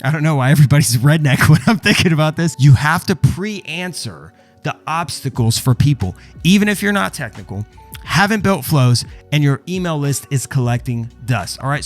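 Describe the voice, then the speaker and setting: A man teaching copywriting in a step-by-step walkthrough, emphatic and checking in often with the listener. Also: mid-range voice. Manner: emphatic, explains step by step with repeated "okay?" check-ins. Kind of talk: screen walkthrough tutorial.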